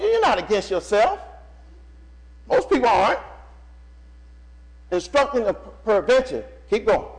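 A male preacher delivers a lively sermon in a high, sweeping voice. He calls out to his congregation and repeats phrases for emphasis. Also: poor audio. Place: church.

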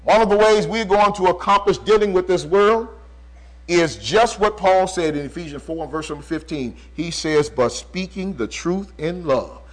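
A man delivers a sermon in a high voice, swinging between loud, pressing passages and near-hushed lines. He slows right down to stress key phrases and repeats them to drive the point home. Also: low-quality recording. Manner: preaching with dramatic swings in volume and slow, drawn-out emphasis. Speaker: preacher.

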